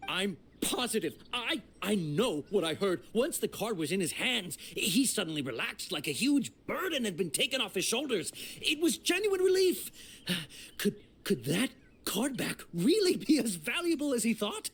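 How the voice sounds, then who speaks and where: A man's voice: high-pitched, sing-song, moderate pace, fairly bright tone, husky, exaggerated voice. An actor voicing a jittery young man in a video game, nervous and stammering as he defends himself. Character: jittery young man caught in a shady deal.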